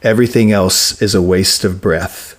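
Lowish-voiced man, wry casual talk. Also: fairly even intonation, moderate pace. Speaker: podcast panelist. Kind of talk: casual chat.

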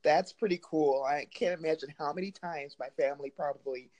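A woman's voice: sits low, fairly quick, mellow. A woman hosting an interview, upbeat and chatty, laughing often. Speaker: podcast host. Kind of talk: casual interview with a friendly intro.

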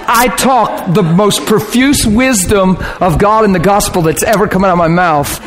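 A man preaching, telling a personal story with lively swings between hushed and shouting moments. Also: sits high, moderate pace, few pauses, a crowd in the background. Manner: animated, bursts into shouting and laughter. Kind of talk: sermon storytelling.

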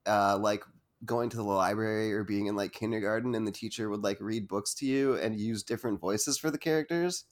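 A man's voice: lowish voice, brisk. A man hosting an interview, asking long, rambling questions full of fillers. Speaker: host. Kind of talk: casual interview chat.

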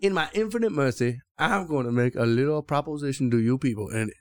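A man voicing a boastful demon axe murderer in a put-on Cajun accent, drawling slowly and calling people boy and baby. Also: mid-range voice, expressive, natural voice. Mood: menacing drawl. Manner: slow drawling delivery, calls listeners boy and baby. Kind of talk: dramatic letter reading.

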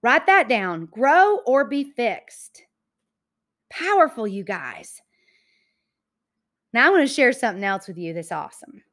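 A woman with a Southern accent, her voice sitting a little high, gives a heartfelt motivational talk. She leans into key phrases, slowing and repeating them, and keeps calling her listeners y'all. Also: very animated, fairly bright tone. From Georgia, US. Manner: emphatic, repeats key phrases slowly for effect. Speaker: motivational speaker. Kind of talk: inspirational talk.

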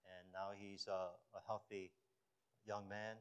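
Preaching to his church as its pastor, a man sounds animated and smooth at a measured pace. He builds to emphatic peaks and drops into a low voice for storytelling.

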